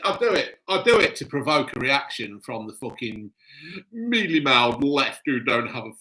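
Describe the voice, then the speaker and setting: A man's voice: mid-range voice, bright, forceful tone, rough recording. A man hosting a live stream, reading out chat in blunt, crude casual talk. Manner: blunt, gruff, cheerfully crude. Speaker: livestream host reading chat.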